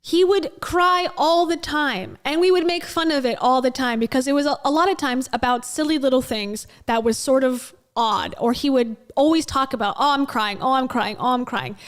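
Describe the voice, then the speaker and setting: A woman's voice: sits high, moderate pace, few pauses. A woman giving blunt, sarcastic reaction commentary on a clip she is playing. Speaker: commentary YouTuber.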